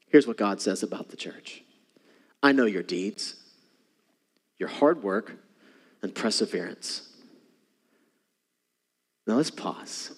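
Animated preacher in a reverberant hall. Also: male voice, on the low side, husky. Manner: animated preaching, swings from hushed to emphatic. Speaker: pastor. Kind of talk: sermon.

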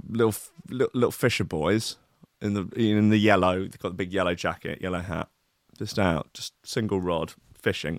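A man's voice: on the low side, fairly bright tone, no echo, studio quality. Sweary man ranting. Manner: sweary, sardonic, mock-outraged. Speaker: radio show host. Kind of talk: comic rant reading news.

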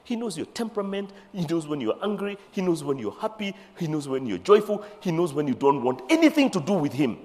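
Animated preacher in a reverberant hall. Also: male voice, a little high, brisk, hardly any pauses. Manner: animated, acts out scripture voices, mixes in Swahili phrases. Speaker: bishop preaching. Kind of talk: sermon.

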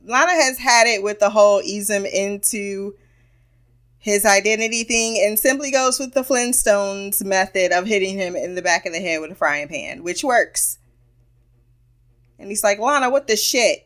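A woman's voice: medium pitch, moderate pace, fairly bright tone. A woman giving a casual, playful recap of a cartoon episode, amused as she retells the scenes. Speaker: show reviewer.

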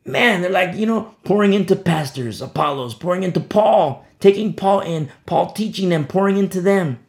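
A man preaching an expository sermon, passionate, repeating words for emphasis and swinging between loud declarations and hushed asides. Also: high-pitched, expressive, moderate pace. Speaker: pastor.

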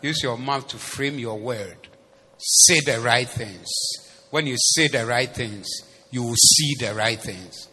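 A man preaching a sermon as the pastor. He switches between English and Twi phrases and swings from soft asides to loud, emphatic preaching. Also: medium pitch, takes it slowly, breathy edge. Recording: long hall reverb with faint noise.

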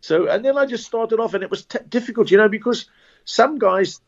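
A man's voice: sits high, lively intonation, brisk, creaky. A man with a South African accent, a comedian telling anecdotes in a casual interview with many restarts and chuckles. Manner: rambling anecdotes with false starts and laughs. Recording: dull lo-fi recording.

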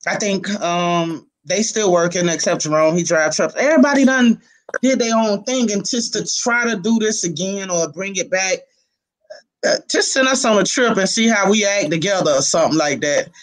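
Casual male interviewee, high-pitched man, animated storyteller, from Miami. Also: moderate pace. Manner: animated storyteller, laughs often. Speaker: youth football coach.

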